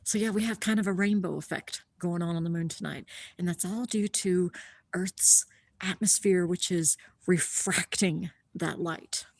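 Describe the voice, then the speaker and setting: A woman hosts a live stargazing stream from outdoors at night, explaining what viewers see through the telescope. She gushes with awe and often slips into a hushed whisper. Her voice sits a little low and sounds close and dry. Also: a little slow, no echo. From Columbus, Ohio area. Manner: awestruck, gushing, often drops to a hushed whisper. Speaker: livestream host showing a telescope view.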